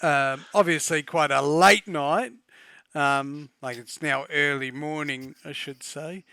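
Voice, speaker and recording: Slow, bright-voiced game master. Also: male voice, on the high side, fairly even intonation, clear, resonant tone, no room sound, clean studio sound. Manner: laughing, playful storytelling. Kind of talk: narrating a tabletop game.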